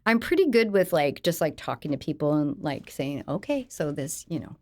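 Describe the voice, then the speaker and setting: A middle-aged woman with a slightly low voice chats as a podcast guest. She tells stories with energy and acts out other people's lines. She laughs easily between them. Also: normal speed. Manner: animated storyteller, acts out quotes, laughs often. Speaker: mortgage branch manager, guest. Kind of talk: casual podcast chat.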